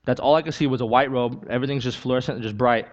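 A man's voice: mid-range voice, fairly even intonation, very fast, dull audio. A man preaching a sermon with a personal testimony, talking earnestly and conversationally, repeating key lines and building to emphatic peaks.

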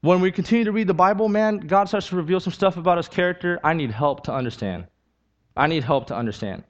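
Man, sermon, earnest, conversational, repeats for emphasis, slightly high voice, muffled church recording. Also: quick pace. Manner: earnest, repetitive, conversational, building to emphatic peaks. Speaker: preacher. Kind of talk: sermon with personal testimony.

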